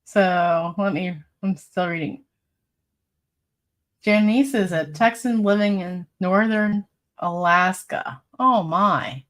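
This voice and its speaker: A woman's voice: mid-range voice, takes it slowly, fairly bright tone. A woman hosting a casual live stream, reading viewer comments aloud in a chatty, rambling way and laughing often. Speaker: livestream host.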